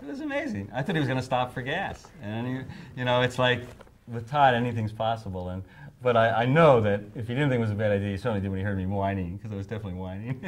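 A man's voice: mid-range voice, animated, fast talker. A man in his fifties being interviewed, telling anecdotes and acting out quotes in raised voices, laughing often. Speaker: songwriter interviewee.

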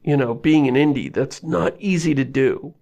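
Gravelly-voiced man chatting on a podcast. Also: fairly high pitch, muffled recording. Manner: animated, quick asides, laughs at his own complaints. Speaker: podcast host. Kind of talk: casual podcast chat.

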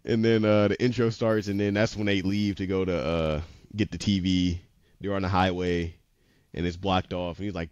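A man's voice: sits low, flat delivery, moderate pace, a little mellow, no room sound, highs cut off. A man casually retelling an anime episode, rambling with lots of "he was like" quotes and frequent laughs. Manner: laughs often. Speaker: podcast co-host.

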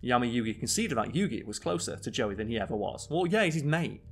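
A man's voice: mid-range voice, lively intonation, quick pace, few pauses, breathy edge. Chatty man with faint music. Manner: rambling, lots of fillers and restarts. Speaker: podcast co-host. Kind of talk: casual chat.

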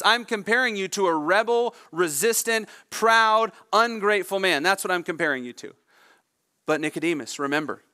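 A male pastor preaching a sermon, expressive, voicing the people in the story as he goes. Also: a little high. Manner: expressive preaching with dramatic voiced quotes.

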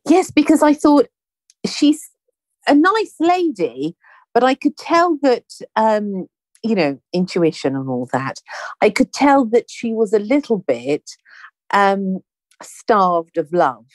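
A woman hosting a conversation, telling a story in a chatty, animated way and acting out the dialogue. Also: mid-range voice, slow, dry recording. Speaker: podcast host. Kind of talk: casual anecdotal storytelling.

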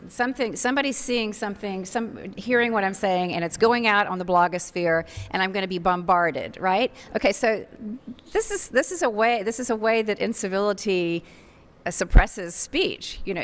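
A woman's voice: mid-range voice, fairly bright tone. A middle-aged woman columnist speaking on a university forum panel, candid and wry with self-deprecating asides, into a stage microphone. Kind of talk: panel discussion remarks.

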